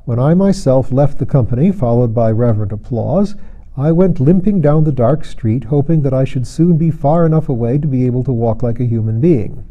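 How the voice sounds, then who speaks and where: A man reading a novel aloud as an audiobook narrator, in a measured, dry storytelling manner. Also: mid-range voice, narrow, tinny audio.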